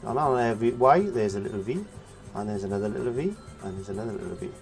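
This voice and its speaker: A man's voice: on the low side, expressive, fast talker, music in the background. A man giving a casual painting lesson, chatting as he works and humming nonsense syllables while he paints. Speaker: painting teacher.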